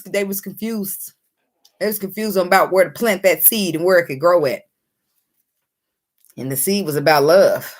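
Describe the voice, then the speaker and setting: A woman giving a casual tarot reading, excitable and quick to laugh, swearing freely as she talks. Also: on the low side. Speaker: tarot reader.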